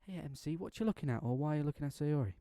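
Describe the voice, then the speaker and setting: A man voicing a protective teenage schoolgirl, doting to her girlfriend and sharp with anyone who upsets her. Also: a little high, animated, very fast, no room sound, studio quality, voice pushed up. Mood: scolding. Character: protective teenage schoolgirl, sweet but menacing.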